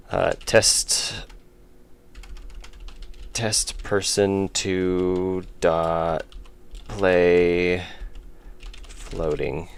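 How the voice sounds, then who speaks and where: A man's voice: deep voice, gravelly, smooth. A man streaming his indie game development, chatting casually and rambling with chat while he works. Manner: rambling, self-interrupting, chuckling.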